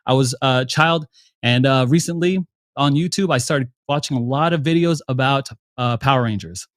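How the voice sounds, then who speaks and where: A man's voice: medium pitch, normal speed, dry recording, studio quality. Man explaining with repeated okays. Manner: explaining, keeps saying okay. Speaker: panel guest. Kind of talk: casual panel chat.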